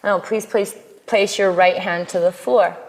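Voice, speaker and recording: A woman teaching a live yoga class, cueing poses in a playful way with quick asides. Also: lowish voice, fairly even intonation. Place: yoga studio. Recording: long hall reverb in studio.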